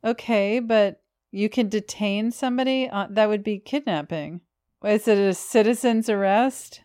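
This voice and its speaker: A woman's voice: mid-range voice, measured pace, a little mellow, clean tone. A woman co-hosting a podcast in casual chat, teasing her friend and asking wry questions. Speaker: podcast co-host.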